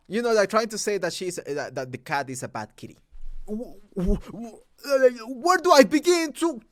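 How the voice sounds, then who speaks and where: A man's voice: very high-pitched, a bit bright, no room sound, clean studio sound. A young Mexican man with a Mexican accent, ranting about a movie dub, profane and exasperated with frequent restarts. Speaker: movie reviewer. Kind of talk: angry rant.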